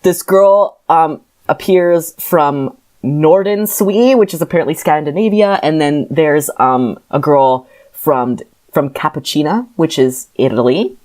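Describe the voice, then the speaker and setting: A woman's voice: low voice, unhurried, a little mellow. A young adult woman co-hosting a podcast, recapping a novel in a rambling, sarcastic way and laughing often. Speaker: podcast co-host. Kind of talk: casual chat, book recap.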